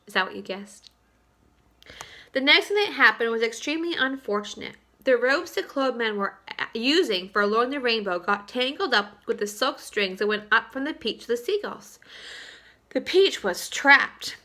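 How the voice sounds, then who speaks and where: A woman teacher reading a chapter book aloud to her third-grade class, expressive and clear, pausing to talk to the children. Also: fairly high pitch. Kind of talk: storybook read-aloud for children. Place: home, for virtual school.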